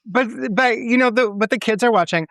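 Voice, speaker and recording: A man's voice: extremely high pitch, fairly quick, fairly bright tone, dry recording. Blunt, ranting man on a podcast. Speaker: podcast co-host; teacher. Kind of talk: casual chat.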